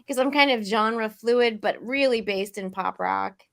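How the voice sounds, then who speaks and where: A woman musician chatting on a live-stream panel, talkative with halting restarts and frequent laughs. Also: on the high side, gravelly. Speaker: singer-songwriter guest. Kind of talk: casual panel chat.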